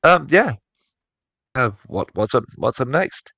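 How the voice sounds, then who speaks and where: A man's voice: medium pitch, very animated, takes it slowly, gravelly, pushed and bright, no echo. A man co-hosting a casual podcast chat, rambling with many fillers and restarts. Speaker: podcast co-host.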